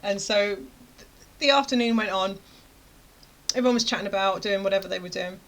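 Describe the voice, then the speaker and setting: A woman's voice: mid-range voice, steady tone, a little fast, a bit bright. A woman in her thirties, a course creator, telling a chatty story to camera and acting out her own reactions. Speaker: web design course creator.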